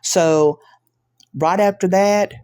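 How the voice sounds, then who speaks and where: A woman vlogger telling a story in a casual, emphatic, animated way, with frequent restarts. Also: fairly low pitch, takes it slowly, clean tone.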